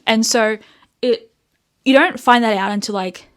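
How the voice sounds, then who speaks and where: A young Australian woman hosting a casual book vlog, animated and sweary as she rants, with frequent laughs. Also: a little high, measured pace. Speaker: book reviewer host.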